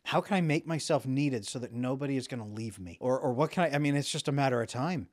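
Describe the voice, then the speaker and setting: A man in his thirties explains relationship patterns straight to camera, with a widely moving, expressive pitch. He slips into quick acted snippets of other people's thoughts as he talks. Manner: animated, acts out quoted inner voices. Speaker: attachment coach.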